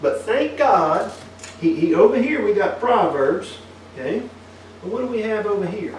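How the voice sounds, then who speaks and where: With a high-pitched, sing-song voice at a moderate pace, a man preaches a folksy sermon and keeps tossing tag questions to his congregation. The echoey room is recorded from a distance, with slight background noise.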